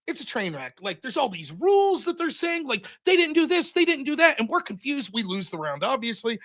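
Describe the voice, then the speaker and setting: A young man telling a story on his stream in a profane, animated way, as the host of the show. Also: extremely high pitch, fairly quick.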